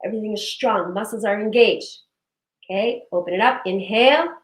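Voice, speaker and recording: A woman leading a guided breathing and movement session, giving slow, soothing cues and affirmations. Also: mid-range voice. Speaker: breathwork and wellness instructor. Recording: echoey room.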